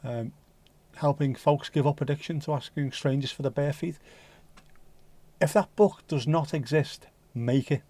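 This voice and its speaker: A man's voice: a little high, measured pace, mellow, no echo. A man with a mild Scouse accent hosting a casual livestream chat, joking and rambling cheekily. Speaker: livestream host.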